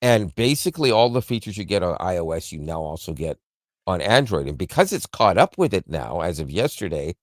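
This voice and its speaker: A man's voice: low-pitched, very animated, a little fast, no room sound, clean studio sound. A man co-hosting a casual tech podcast, explaining an app in a rambling, self-correcting way with frequent chuckles.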